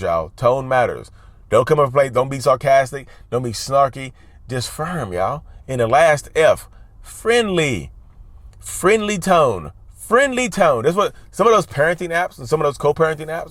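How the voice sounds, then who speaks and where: A man's voice: mid-range voice, no room sound. A man hosting a casual advice monologue, driving his points home by repeating key words and calling his viewers "y'all.". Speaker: mental health channel host.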